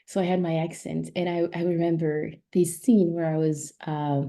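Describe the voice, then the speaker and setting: A woman in her thirties from Ivory Coast, a native French speaker, telling stories from her life in a relaxed, reflective way as an interview guest. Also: on the low side, normal speed. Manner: reflective, storytelling. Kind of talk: casual interview conversation.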